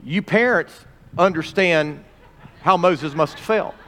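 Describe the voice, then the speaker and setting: A man teaching a Bible lesson, reading scripture dramatically with pauses and stopping to point out phrases. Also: on the high side, fairly bright tone. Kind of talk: expository sermon reading scripture. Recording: long reverb of a large hall.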